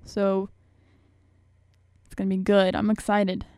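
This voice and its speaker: A woman's voice: mid-range voice, flat delivery, slow, warm tone, clean tone, dry recording. A young woman hosting a radio show, talking in a rambling, chatty, self-mocking way. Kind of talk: casual chat.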